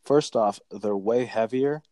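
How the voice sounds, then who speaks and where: A man's voice: on the low side, takes it slowly, warm tone, dry recording. A young man chatting casually as a podcast co-host, rambling and swearing constantly. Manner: crude, profane, rambling. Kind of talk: casual chat.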